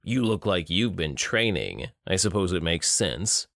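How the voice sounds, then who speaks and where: A male audiobook narrator voicing a menacing, cruel male villain who taunts slowly. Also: low voice, big pitch swings, gravelly, fairly bright tone, dry recording, studio quality, heavily acted. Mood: taunting.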